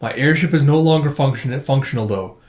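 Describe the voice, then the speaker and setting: A man's voice: mid-range voice, brisk, close to an everyday voice. Stiff literal robot sidekick, male, formal and polite, a man reading it out, echoey room. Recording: roomy echo.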